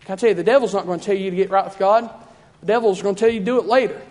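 Fervent high-voiced preacher in a hall. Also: male voice, fairly even intonation, rapid-fire, darkish tone. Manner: fervent, repetitive preaching cadence. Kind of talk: sermon. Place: church.

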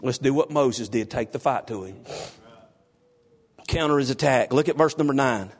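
A middle-aged man preaching a sermon, calling on his congregation by name and rising to loud exhortation. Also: medium pitch, normal speed. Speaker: pastor.

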